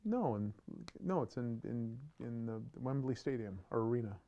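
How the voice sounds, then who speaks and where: A man's voice: mid-range voice, lively intonation, normal speed, highs cut off, background noise. A man appearing as the guest artist on a live stream, chatting enthusiastically.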